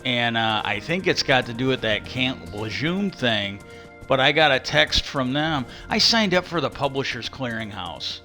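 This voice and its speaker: A man's voice: mid-range voice, lively intonation, a little slow, bright, forceful tone, faint music behind. Exasperated, cussing Midwestern man streamer. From Wisconsin. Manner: rambling, profane, exasperated. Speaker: live streamer. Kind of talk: casual live-stream rant.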